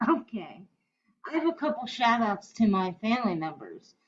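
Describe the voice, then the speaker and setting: Woman cohost on a chatty podcast, highish voice, lots of ums, muffled audio. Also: very animated, moderate pace. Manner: hesitant, many fillers. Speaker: podcast co-host. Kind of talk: casual chat.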